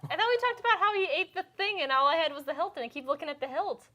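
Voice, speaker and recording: A woman with a high voice plays her character at a tabletop game. She talks eagerly and keeps asking questions about the scene. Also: animated, very fast, bright, forceful tone. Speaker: player. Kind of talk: casual tabletop play.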